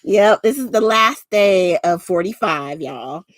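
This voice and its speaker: A woman's voice: medium pitch, expressive, slow, dry recording. Chatty Jersey woman with Southern twang. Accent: New Jersey with a Southern twang. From South Jersey, USA. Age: 40s. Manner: rambling, chatty, with many fillers and frequent laughs. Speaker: craft livestream host. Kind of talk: casual craft livestream chat.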